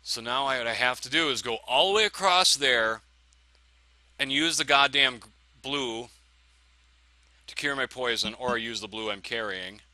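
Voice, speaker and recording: A man's voice: mid-range voice, normal speed, pauses often, sharp tone, no echo, low-quality recording. A man commentating his own video game play, swearing and ranting in frustration at the enemies. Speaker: let's play gamer. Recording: game music clearly behind the voice. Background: game music.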